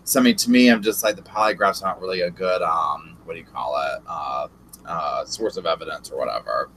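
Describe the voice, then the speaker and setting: A man's voice: deep voice, brisk, a bit bright, slight background noise. A man, a guest on a podcast, thinking aloud in casual chat and trailing into fillers as he looks for words.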